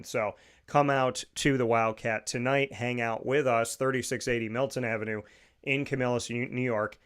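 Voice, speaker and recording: Hosting his own radio and podcast show from a studio, a man speaks in a mid-range, fairly bright voice with a clear, resonant tone. His talk is energetic and upbeat, packed with rapid-fire plugs and lists.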